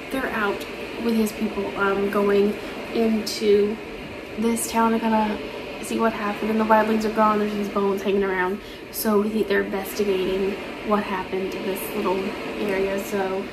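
A woman's voice: medium pitch, very noisy. A woman chatting casually to camera as a book vlogger, rambling with lots of ums and restarts. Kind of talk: casual chat.

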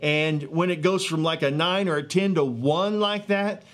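A man in his thirties or forties, a street evangelist telling a healing testimony in an earnest, excitable way with many fillers and restarts, outdoors in a neighborhood. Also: a little high, normal speed. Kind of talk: animated testimony storytelling.

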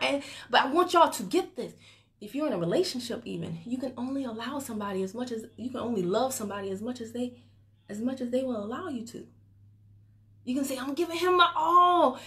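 Woman, slightly high voice, team leader, motivational livestream talk, chatty, teasing, phone mic. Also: a bit bright. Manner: chatty, teasing, breaks into laughter. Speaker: network marketing team leader. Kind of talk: motivational Facebook Live talk.

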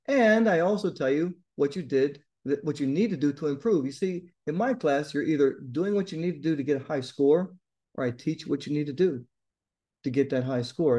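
Blunt, emphatic male tutor, mellow voice. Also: a little high. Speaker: TOEFL tutor. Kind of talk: direct-to-camera lesson.

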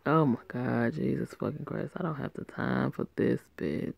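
A woman's voice: rumbling low, normal speed, gravelly, hardly any pauses, husky, no echo, lo-fi sound. A woman making crude, brash asides full of swearing between the parts of her story. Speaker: storyteller voicing all the parts. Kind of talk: profane aside commentary.

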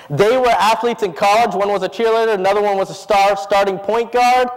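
A man's voice: sits high, in a large hall, low-quality recording. A man preaching a sermon in a church, earnest, with many rhetorical questions. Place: church sanctuary.

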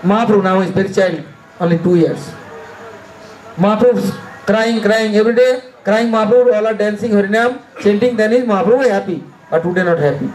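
A man's voice: sits high, a little fast, a little mellow, a little hiss or hum. A man preaching a devotional sermon in broken, emphatic English, repeating short phrases. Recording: echoey room, mic at a distance, faint music.

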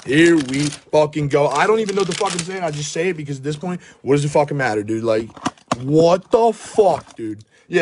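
A man's voice: a little high, noisy background. Hyped young man ripping card packs. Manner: hyped, swearing, calls out names rapidly. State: out of breath. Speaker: card breaker. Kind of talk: live pack-opening commentary.

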